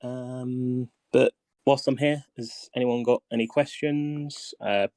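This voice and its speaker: A man's voice: medium pitch, fairly even intonation, slow pace, darkish tone, no echo. A man hosting a casual voice-chat guide session, talking hesitantly with many ums, his voice tiring. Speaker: game guide host.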